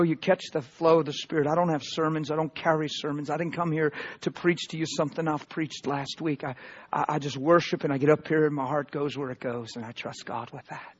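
A pastor preaching a sermon, swinging from loud emphatic proclamations to hushed asides. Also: male voice, fairly high pitch, dull audio.

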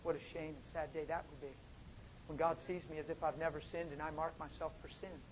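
A man preaching a sermon, swinging from soft asides to loud, drawn-out emphatic phrases. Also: fairly high pitch, flat delivery. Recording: dull, lo-fi with faint noise.

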